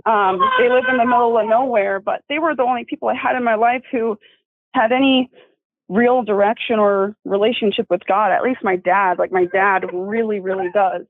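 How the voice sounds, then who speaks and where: A young woman telling her testimony over the phone, tearful and apologetic, talking haltingly and laughing nervously while she soothes her baby. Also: mid-range voice, steady tone, no room sound. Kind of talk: emotional phone interview. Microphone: phone call. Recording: dry tinny phone line.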